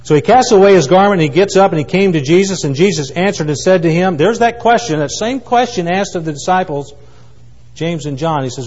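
Male preacher, dramatic loud-to-hushed delivery, long hall reverb, muffled sound. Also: high voice, expressive, fairly quick. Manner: dramatic swings from loud cries to hushed asides. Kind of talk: sermon.

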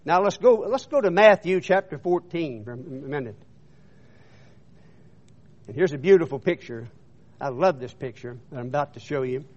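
A man's voice: a little high, expressive, normal speed, pauses often, a little mellow. A man preaching a sermon, retelling scripture in an emphatic storytelling manner and often repeating words. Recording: dull muffled recording.

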